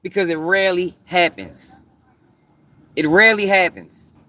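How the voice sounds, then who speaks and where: Speaking at a measured pace, this Baltimore man has a high voice with a bright, forceful tone. He hosts a commentary channel and launches into a heated, profanity-laced rant, hammering his points home by saying them again.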